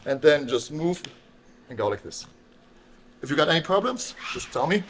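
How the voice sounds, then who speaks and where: Man explaining grappling moves, higher voice. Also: expressive, fairly bright tone. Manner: explains while demonstrating, halting with fillers and restarts. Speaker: grappling instructor. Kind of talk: casual technique instruction.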